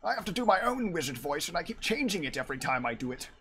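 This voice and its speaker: A man's voice: on the high side, big pitch swings, fast talker, fairly bright tone, slight background noise. A man streaming from his room at home, chatting casually and rambling while he draws and answers his chat. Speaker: art streamer.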